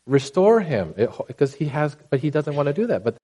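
A man preaching a sermon in a conversational, animated way, often checking in with the congregation. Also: a little high, a little fast. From Asian background.

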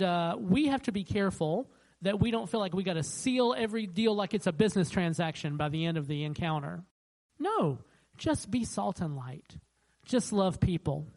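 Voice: mid-range voice, rough recording. A pastor preaching a sermon in a conversational way, acting out the voices of the people in the stories. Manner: animated, acts out the voices of the people it quotes; conversational, with frequent restarts.

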